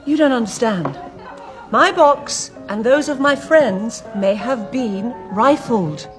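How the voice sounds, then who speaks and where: An actress playing a poised madam who blackmails a client, speaking coolly and deliberately, in a film with faint music. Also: female voice, a little high, animated. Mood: coolly persuasive. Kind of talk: film drama.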